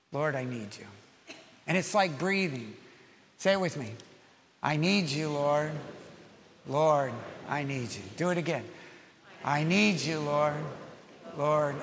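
Man, pastor, sermon, high pitch, lively preaching, long hall reverb. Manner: animated preaching, softening to gentle prayer.

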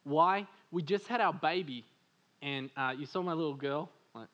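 Lively man preaching, a bit high-voiced. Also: moderate pace, muffled recording. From Australia. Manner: animated, laughs often, many fillers like "like". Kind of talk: sermon with personal stories. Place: church service.

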